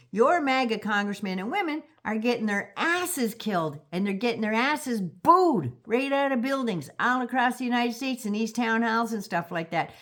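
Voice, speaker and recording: An older woman with a Canadian accent ranting on her vlog, profane, sarcastic and mocking. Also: a little high. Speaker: vlogger.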